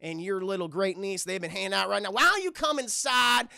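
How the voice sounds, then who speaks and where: A man's voice: high voice, a little fast, creaky, bright, forceful tone, smooth, no room sound, studio quality, full character voice. A man doing a smarmy, oily polite father.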